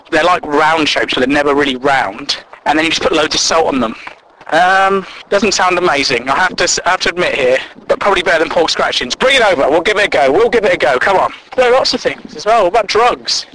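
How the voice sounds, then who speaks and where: A man's voice: high voice, sharp tone, slight background noise, rough recording. A man doing a stand-up comedy routine, sweary and incredulous, acting out both sides of imagined conversations.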